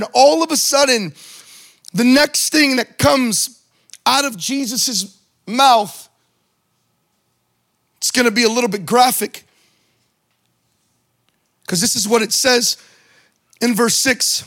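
A man preaching a sermon as pastor, animated, acting out Bible scenes with shouted bursts and joking asides. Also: extremely high pitch, slow, long pauses.

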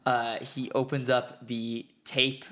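A man's voice: medium pitch, takes it slowly. A tired man in casual chat about movies, rambling with many restarts and fillers. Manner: rambling, animated, drops into mock voices.

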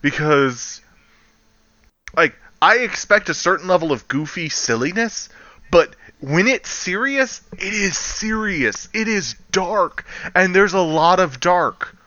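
A man chatting casually on a podcast, recapping an episode with lively energy, acting out lines with laughs and swearing. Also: sits high, takes it slowly, dry recording, lo-fi sound. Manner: animated, acts out characters' lines with laughter and swearing. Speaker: podcast co-host. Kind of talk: casual chat recapping a show.

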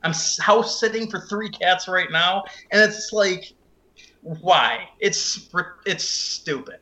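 A man's voice: sits high, slow, sharp tone. Fired-up man ranting. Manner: heated, swears a lot. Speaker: podcast co-host. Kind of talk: casual ranting film chat.

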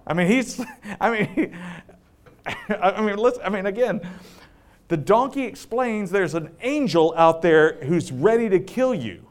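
A man with a high voice preaches a sermon in a loose, conversational way. He tells the story with joking asides and easy laughter, then drops low and slow for the scripture readings. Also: animated.

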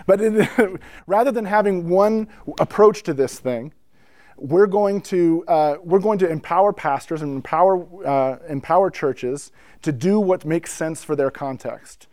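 Male speaker, higher pitch, casual lecture with acted-out quotes, dry recording. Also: dry recording. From North America. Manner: animated, acts out quotes, laughs while telling stories. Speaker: speaker giving a talk on church worship history.

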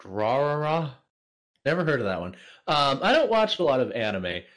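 A man with a lively, animated voice answers questions as a podcast guest. He hesitates with frequent fillers. He laughs often and drops dry jokes. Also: mid-range voice, moderate pace. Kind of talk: casual podcast chat.

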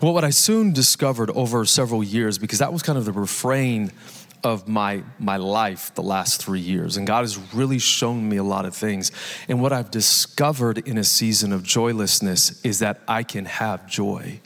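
Energetic man preaching in a reverberant church. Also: lowish voice, moderate pace. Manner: energetic, conversational preaching with jokes and audience questions. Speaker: pastor. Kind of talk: live sermon. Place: large church hall. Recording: live church hall reverb.

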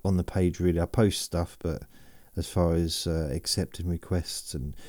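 A man hosts a sleep podcast in a deep voice, drifting from thought to thought and teasing himself. His tone is soft and mellow, and the sound is dry and close. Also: steady tone, moderate pace, no room sound. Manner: meandering, self-mocking, reads listener messages aloud. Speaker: podcast host. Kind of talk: rambling sleep podcast chat.

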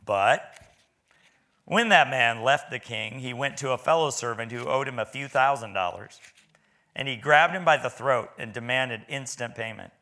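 A man's voice: medium pitch, moderate pace, bright, forceful tone. A man preaching a sermon in a church, talking in a folksy, conversational way with stammering restarts.

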